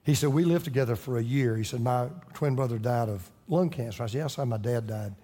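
A man's voice: medium pitch, quick pace, dark tone, in a large hall. A man, a pastor, telling a story in his sermon and building to fervent preaching.

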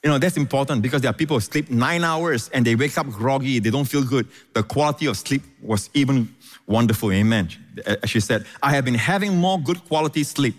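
A man's voice: mid-range voice, fairly quick, big-room sound, faint music behind. A man preaching a sermon, often restarting and repeating words, punctuated with frequent amens. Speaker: pastor.

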